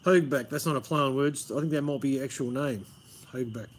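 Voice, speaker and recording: Under an outdoor pergola, an Australian livestream host rambles along casually, cursing and leaning on the word "man." He speaks at medium pitch with a quick pace and a breathy edge.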